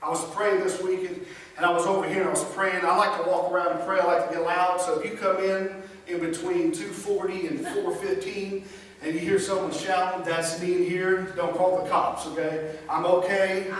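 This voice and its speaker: A man's voice: sits high, level tone, normal speed. A man preaching a sermon as pastor, emphatic and repetitive in his phrasing. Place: church sanctuary. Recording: echoey hall from far off.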